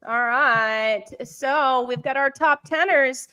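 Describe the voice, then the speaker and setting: A woman in her thirties co-hosting a casual talk show, telling stories in a chatty, animated way. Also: high voice, slow, clean tone. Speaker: podcast co-host. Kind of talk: casual chat.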